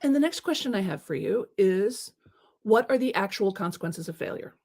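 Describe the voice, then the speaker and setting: A woman's voice: medium pitch, normal speed, gravelly, husky. Chatty woman giving motivational advice. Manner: chatty, animated, with filler words and laughs. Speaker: host. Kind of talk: casual motivational talk.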